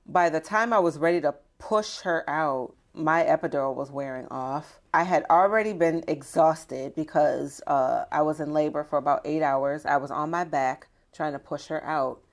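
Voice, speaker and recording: A woman's voice: low voice, moderate pace. A woman, a doula, telling her own story candidly in an interview, in a conversational way with frequent fillers.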